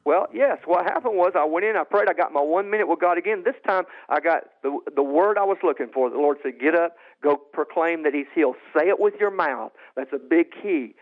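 Excited man telling his testimony, tinny. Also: fairly quick, few pauses. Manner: rises high and loud when reliving moments, repeats and restarts. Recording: tinny phone-like sound.

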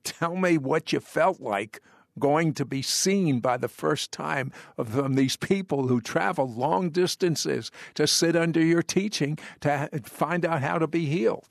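Man, gravelly interview host, probing questions. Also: on the high side, unhurried, no room sound, studio quality.

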